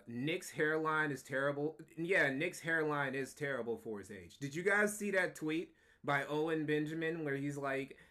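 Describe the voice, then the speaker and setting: A man's voice: a little high, pushed and bright. A man streaming live, giving casual, profane, mocking commentary and repeating points for emphasis. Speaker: streamer reacting to clips.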